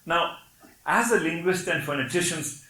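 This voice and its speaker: A man's voice: fairly high pitch, lively intonation, moderate pace, sharp tone, echoey room, poor audio. An older man from Kerala, whose first language is Malayalam, speaks English with a Malayali accent while giving a lecture, explaining patiently and checking in with "Okay?". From Kerala, India. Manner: explanatory, with frequent "Okay?" checks and wry laughs.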